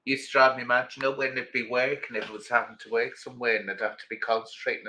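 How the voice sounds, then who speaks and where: A middle-aged man hosting a livestream, with a bright, forward tone. He talks to his viewers in a loose, rambling way and greets them by name between thoughts. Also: mid-range voice, fairly even intonation, fast, hardly any pauses, slight background noise, poor audio. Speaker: livestream host. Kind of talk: casual chat with viewers.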